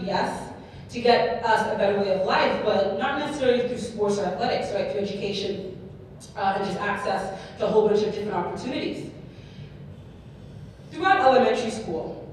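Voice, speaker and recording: A woman giving a keynote speech, telling her story in a lively way and often checking in with the audience. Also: mid-range voice, a little hiss or hum. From Canada. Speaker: keynote speaker. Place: large hall before an audience. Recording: echoey hall, mic far off.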